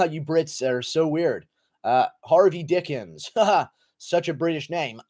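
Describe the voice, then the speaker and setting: A man's voice: on the high side, slow, a little mellow. A man hosting a casual livestream, thanking donors and giving loose, profane takes in a rambling, laid-back way. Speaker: livestream host reading donations.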